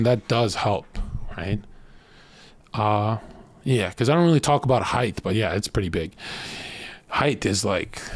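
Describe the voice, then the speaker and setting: A man streamer ranting casual dating advice, blunt and profane, telling stories with animated voices. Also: mid-range voice, dry recording.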